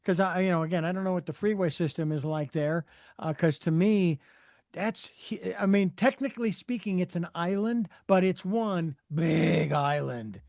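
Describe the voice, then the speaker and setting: A man's voice: high-pitched, moderate pace, vocal fry, darkish tone, no echo, clean studio sound. A man in his sixties from Phoenix, Arizona, hosting an interview show, rambling and hesitant with many fillers. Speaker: radio show host.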